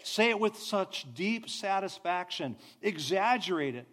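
Animated storytelling male preacher. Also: high-pitched, measured pace. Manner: storytelling, animated, drops to soft sighs. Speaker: pastor. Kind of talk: sermon.

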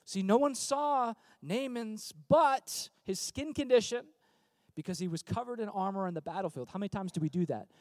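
A middle-aged man preaching a sermon as pastor, conversational and animated, acting out little asides in other voices. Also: high-pitched, normal speed, dry recording.

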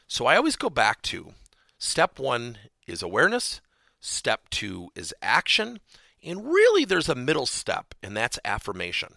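A man hosting a podcast lesson on workplace coaching, animated and repeating his key points for emphasis. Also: mid-range voice, unhurried, vocal fry, no room sound, clean studio sound.

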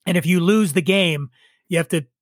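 A man's voice: high-pitched, normal speed, dry recording. A man in his forties, a podcast guest, telling a rambling story with profane, wry asides. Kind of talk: casual storytelling chat.

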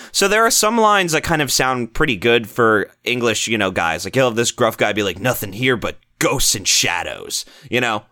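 Bright-voiced man rambling about games. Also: mid-range voice. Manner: rambling, profane, mocking impressions of game voices. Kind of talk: casual chat about video games.

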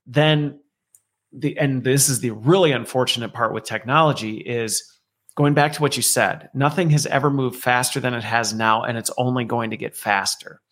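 A man's voice: medium pitch, steady tone, normal speed, fairly bright tone. Male guest, mid-range voice, reflective and conversational, fond of analogies. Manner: reflective, explains with analogies and acted-out quotes. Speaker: guest, learning executive. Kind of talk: conversational interview.

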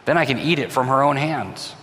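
A man's voice: medium pitch, brisk, a bit bright, slight background noise, lightly acted. A demanding, obsessed young prince, commanding and cold, as a man acts him out. His voice rings in long reverb.

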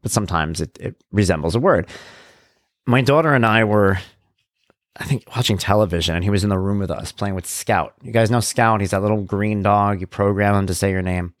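A man telling personal stories about his family in a casual, animated way, acting out the voices of people he quotes. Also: lowish voice, a little fast, no echo, clean studio sound. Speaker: father sharing personal stories.

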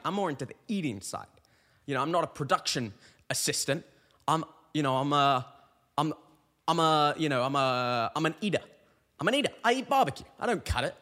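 A young man in his twenties hosting a podcast, telling a casual, rambling story with lots of restarts. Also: on the high side. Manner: animated, rambling with frequent restarts. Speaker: podcast host. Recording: long reverberant echo.

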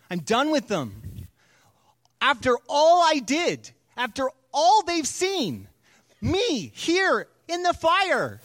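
A preacher playing an exasperated God. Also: male voice, high voice, husky, no echo, studio quality, heavily acted. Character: God, an exasperated almighty male deity.

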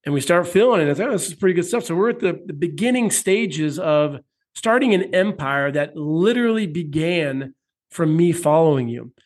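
American male coach-host, casual and profane, fairly high voice. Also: normal speed. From United States. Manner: loose, profane, animated storytelling. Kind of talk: casual interview chat.

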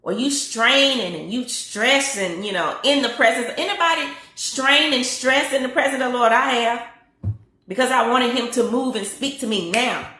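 Bright, fervent preaching woman. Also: on the high side, moderate pace, echoey room. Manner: fervent preaching with repetition and scripture quotes. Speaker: prophetess and teacher. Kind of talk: sermon teaching and prayer. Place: live stream with chat.

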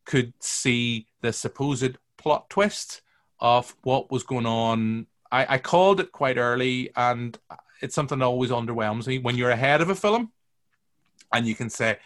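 A man's voice: mid-range voice, unhurried, fairly bright tone. A man hosting a casual film review podcast, teasing his guests and rambling through long opinions. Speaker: podcast host.

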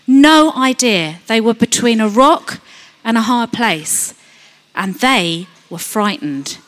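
A woman preaching a sermon in a conversational way, asking the congregation questions and acting out frightened voices with sudden high shouts. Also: expressive, takes it slowly. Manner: conversational, asks rhetorical questions.

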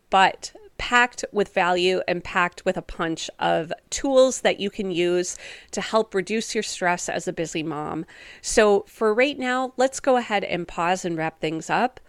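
A woman's voice: mid-range voice, no room sound. A woman hosting a solo wellness podcast, talking in an upbeat, encouraging, chatty way with casual fillers. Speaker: podcast host and wellness coach.

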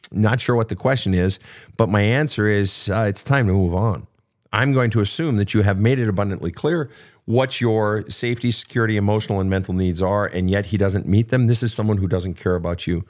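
A middle-aged man with a lowish voice talks straight to listeners and answers their questions. He is blunt and swears freely as he gives advice off the cuff. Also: darkish tone. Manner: blunt, profane, direct advice. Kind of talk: unscripted advice talk.

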